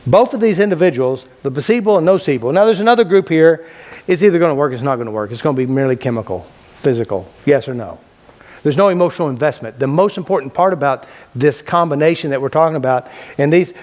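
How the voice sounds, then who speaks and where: A man's voice: fairly high pitch, darkish tone. Emphatic man lecturing a class. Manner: emphatic, repeats key phrases, asks and answers his own questions; casual and blunt, with loose restarts. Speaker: teacher of a mind-body healing method.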